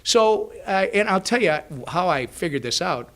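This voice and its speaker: A man speaking to a business luncheon as a congressman, telling lively anecdotes and acting out the dialogue. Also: high voice, normal speed. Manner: animated storyteller who acts out dialogue. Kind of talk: speech with anecdotes. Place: luncheon event.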